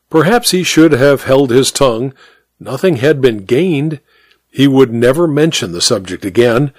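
A man narrating a story in an expressive, measured audiobook reading. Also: mid-range voice, no echo.

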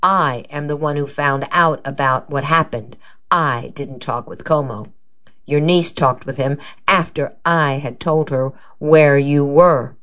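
Quiet plain-spoken guy, woman reading him, soft, muffled lo-fi. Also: deep voice, a little slow. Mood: matter-of-fact. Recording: dull lo-fi recording.

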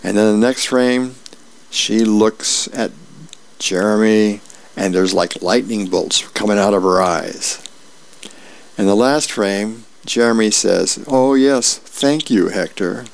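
Gravelly-voiced man reading aloud, unhurried. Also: on the low side. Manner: friendly, unhurried reading with small asides. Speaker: volunteer reader. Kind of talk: reading newspaper comics and birthdays aloud.

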